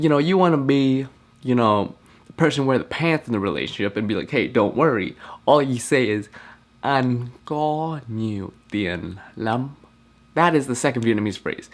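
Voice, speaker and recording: A young man vlogging to camera, joking and slangy, with a deadpan prank delivery. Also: medium pitch. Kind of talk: joking vlog talk to camera.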